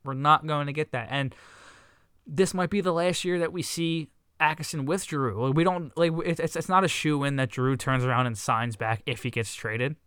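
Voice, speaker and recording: A man co-hosting a casual sports podcast, talking excitedly with lots of swearing and restarts. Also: a little high, normal speed, smooth, no echo. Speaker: podcast co-host.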